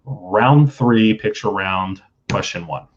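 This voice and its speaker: A man's voice: on the low side, takes it slowly, dull audio. A man hosting a casual online trivia night, reading out questions and chatting loosely between them. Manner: easygoing, reads questions and jokes between them. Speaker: trivia quiz host. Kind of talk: casual live trivia stream.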